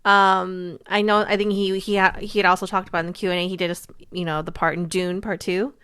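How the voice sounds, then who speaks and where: A woman co-hosting a casual movie review chat, chatty and quick to laugh. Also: on the low side, flat delivery, bright, forceful tone, clean tone. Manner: laughs easily, chatty, brief backchannels.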